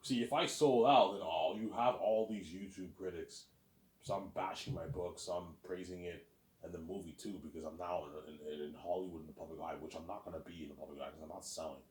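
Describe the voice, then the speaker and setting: A man's voice: low voice, a little fast, a little mellow, roomy sound. A man hosting his own listening series, rambling in a casual, boastful monologue and often repeating words as he restarts.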